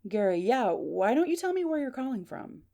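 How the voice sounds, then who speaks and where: A woman voicing a hot-headed man on the phone, loud and insistent. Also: a little high, sing-song, brisk, voice pushed up. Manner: loud, pushy, insistent questioning.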